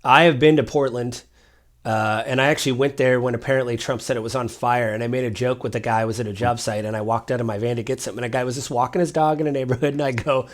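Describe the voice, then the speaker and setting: Animated male podcast co-host. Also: mid-range voice, fast. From Washington State. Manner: animated storytelling, rambling asides. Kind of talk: casual political chat.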